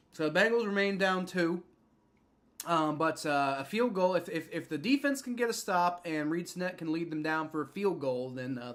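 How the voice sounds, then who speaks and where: A young man with a slightly high voice hosts a casual live stream, calling the game play by play. He rambles and restarts his sentences often, full of fillers, and jumps up with excitement when a big play happens. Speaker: livestream host. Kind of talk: live fan reaction and play-by-play.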